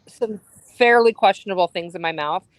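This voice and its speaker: A woman's voice: medium pitch, fairly quick, heavy background noise. A woman co-hosting a casual movie podcast, blunt, with crude humor. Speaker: podcast co-host.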